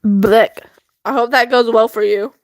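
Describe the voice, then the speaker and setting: Teen girl vlogger, high-pitched, slow rambling delivery, giggly. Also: steady tone, no room sound. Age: teens. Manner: rambling, giggly, lots of fillers. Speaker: student vlogger. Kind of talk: casual chat. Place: bedroom at home.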